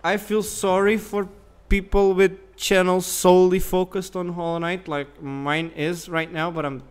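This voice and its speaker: A man's voice: high voice, little pitch movement, unhurried, soft background music. A young man giving casual commentary while playing a game, grumbling, swearing and mocking himself. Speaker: gaming channel host.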